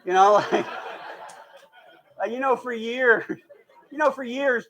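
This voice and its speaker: With a very high voice, a man performs stand-up for a live crowd, taking his time and leaving long pauses. His storytelling is energetic, and he acts out the voices of the people in it while laughing at his own jokes.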